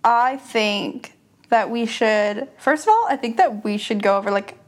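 Chatty young woman, a bit high. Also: a little slow. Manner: chatty, keeps saying "you know what I mean". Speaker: podcast co-host. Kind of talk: casual chat.

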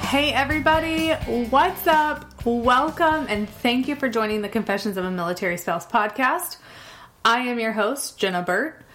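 A woman's voice: a little high, moderate pace, fairly bright tone, faint music behind. Woman, 30s, podcast host. Casual and candid, laughs often. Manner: chatty, candid, laughs often while talking. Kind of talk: casual solo podcast talk.

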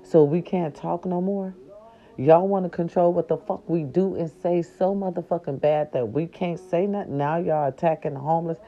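Furious low-voiced woman ranting, lo-fi audio. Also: normal speed. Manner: angry, profane, swings into high shouted outbursts. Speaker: vlogger. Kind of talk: impassioned commentary rant. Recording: slightly dull lo-fi audio.

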